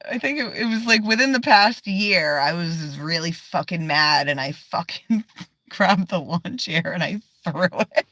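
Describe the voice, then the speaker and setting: A woman's voice: fairly low pitch, animated, a little slow, pushed and bright, no room sound. A woman livestreaming from inside her car, chatting casually, swearing often and laughing a lot as she rambles.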